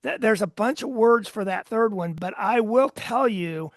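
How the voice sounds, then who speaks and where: A man's voice: high voice, lively intonation, a little slow, no echo, studio quality. A man, a sales coach, talking as a podcast guest, telling a story in a chatty way with many restarts and quoted dialogue. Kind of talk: conversational storytelling in a podcast interview.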